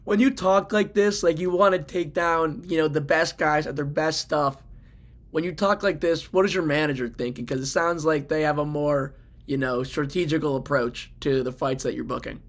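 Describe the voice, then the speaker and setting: Casting: male interviewer, slightly high voice, encouraging back-and-forth, casual. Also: normal speed. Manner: encouraging, agreeing, asks follow-ups.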